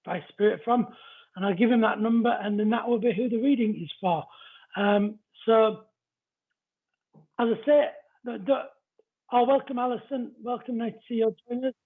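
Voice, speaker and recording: A man's voice: high-pitched, creaky, husky. A man hosting a live-stream psychic card reading, chatting casually and greeting viewers by name as he explains the cards. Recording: narrow phone-like audio.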